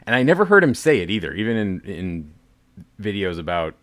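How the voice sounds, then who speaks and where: A middle-aged man with a lowish, very animated voice co-hosts a podcast at a fairly quick pace with no room sound, rambling in casual banter, poking fun at himself, and dropping into soft mumbles.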